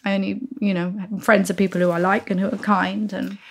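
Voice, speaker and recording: A woman in her sixties tells an animated story as an interview guest, slipping into the voices of the people she describes. Her voice has a gravelly, creaky edge at a mid pitch. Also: brisk.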